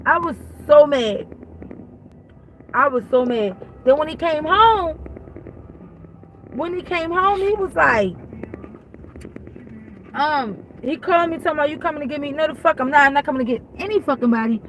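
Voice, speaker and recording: A woman's voice: sits high, lively intonation, moderate pace, long pauses, fairly bright tone, rough recording. A woman telling a heated, profane storytime rant while in her car, repeating herself. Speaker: vlogger. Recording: car noise behind voice.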